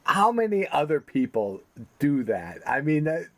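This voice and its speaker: A man's voice: fairly high pitch, big pitch swings, measured pace, a bit bright. A man co-hosting a comedy podcast, chatting casually and easygoing, laughing along with his partner. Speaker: podcast co-host.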